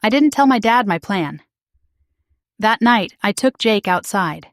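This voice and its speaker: A woman's voice: medium pitch, expressive, measured pace, no echo, studio quality. A woman reading a first-person story in short, simple, carefully spoken sentences for English learners.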